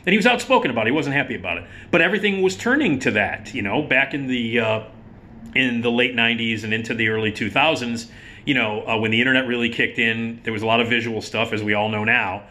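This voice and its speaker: A man's voice: medium pitch, fast talker, pushed and bright. A middle-aged man hosting an online film show, talking casually to the camera in a rambling, conversational way with many restarts.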